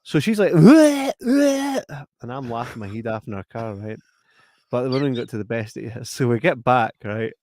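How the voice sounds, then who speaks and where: A Scottish podcast co-host tells a story in casual chat, speaking fairly quickly on a dry recording. He's animated, acting out the other people in the story with big pitch jumps and laughing often.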